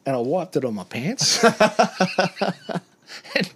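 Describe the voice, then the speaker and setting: Man, husky voice, lively anecdote, laughs a lot, mimics voices. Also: mid-range voice, slow. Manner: animated anecdote, acts out voices, laughing often. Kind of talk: casual storytelling.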